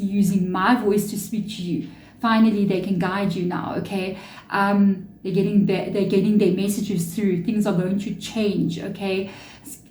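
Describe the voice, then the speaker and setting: A woman's voice: mid-range voice, mellow, echoey room, poor audio. A woman giving a chatty, earnest tarot reading to her viewers, with spiritual asides. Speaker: tarot reader.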